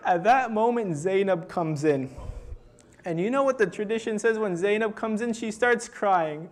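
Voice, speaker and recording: Young guy with a high voice preaching at a mourning gathering, gets loud and pleading. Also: lively intonation, moderate pace. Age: young adult. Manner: builds to loud, pleading intensity when quoting. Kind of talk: emotional religious sermon narration.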